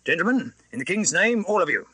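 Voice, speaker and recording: A man voicing a gruff, armed mail-coach guard who shouts challenges into the dark. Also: high-pitched, sing-song, a little fast, no echo, voice pushed up, full character voice. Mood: urgent.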